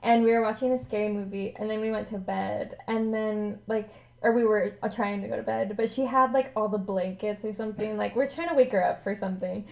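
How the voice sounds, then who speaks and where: A woman's voice: mid-range voice, fairly even intonation, brisk, vocal fry, darkish tone, low-quality recording. A young woman co-hosting a casual podcast, telling a story in a chatty way with many fillers. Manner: chatty, laughing, lots of fillers like "like". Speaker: podcast co-host. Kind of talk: casual chat.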